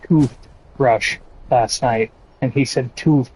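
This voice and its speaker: A man streaming a game, chatting with his audience in a slow, laid-back way with lots of swearing. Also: mid-range voice, darkish tone, slight background noise, poor audio. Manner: slow, laid-back, profane banter with chat. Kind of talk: casual gaming stream chat.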